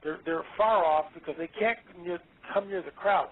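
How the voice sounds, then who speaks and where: Man, fairly high voice, emphatic, excitable, radio interview guest, phone-line sound. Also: normal speed. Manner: emphatic, excitable, repeats words. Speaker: guest author.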